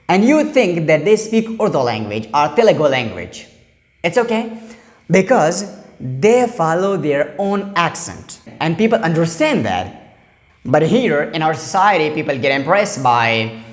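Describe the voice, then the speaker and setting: A woman teacher giving a lecture on English usage, speaking in a measured, emphatic way and repeating her key points. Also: low-pitched, in a large hall. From Pakistan. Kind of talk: lecture to camera.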